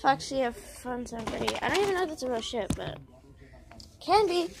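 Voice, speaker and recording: A woman's voice: high-pitched, expressive, a little fast, gravelly. A woman rambling and joking in a scattered, silly way while making a casual video. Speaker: video maker. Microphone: headphones on, yelling at times. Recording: noisy hiss behind voice.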